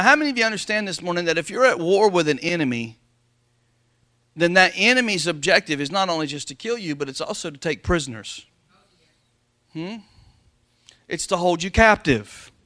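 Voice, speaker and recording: A man preaching a sermon as pastor to his congregation, calling for amens and reading scripture slowly and loudly. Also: sits high, no echo. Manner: preaching with call-and-response, slowing and rising to read scripture. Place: church sanctuary before a congregation.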